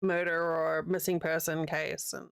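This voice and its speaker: A woman's voice: low-pitched, flat delivery, unhurried, vocal fry, clear, resonant tone, no room sound, clean studio sound. A woman in her thirties with a New Zealand accent, chatting casually and rambling while crocheting on a livestream, laughing easily. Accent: New Zealand, with a slight American Southern tinge.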